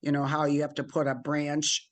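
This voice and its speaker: A woman's voice: low-pitched, moderate pace. A middle-aged woman being interviewed as a guest, telling stories about her career and acting out the voices of people she quotes. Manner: lively storyteller, acts out quoted voices. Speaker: guest, business owner. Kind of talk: conversational storytelling interview.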